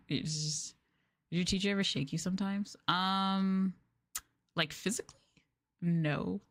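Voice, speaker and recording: A young woman chats softly into a close mic, in the easy manner of an ASMR stream. Her voice sits a little low for a woman. She giggles often and fills her talk with um and like. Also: normal speed, dry recording. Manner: chatty, giggly, lots of fillers. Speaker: VTuber streamer. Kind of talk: soft-spoken ASMR chat.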